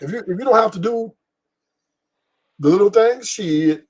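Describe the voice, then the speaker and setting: Middle-aged man, podcast host, husky voice, fairly high for a man, blunt and profane, rambling casual talk. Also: normal speed, a little mellow. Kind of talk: casual opinion talk on a live stream.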